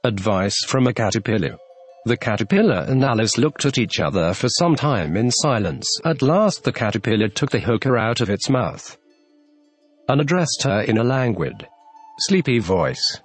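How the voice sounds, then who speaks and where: A man narrating a classic children's story with an expressive, lively reading. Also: medium pitch, normal speed, husky, soft background music. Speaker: audiobook narrator.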